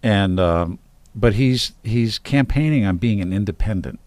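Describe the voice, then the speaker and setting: A man co-hosting a casual podcast, a lively storyteller who laughs often. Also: on the low side, measured pace, no room sound. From Pennsylvania, United States. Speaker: podcast co-host. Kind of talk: casual chat.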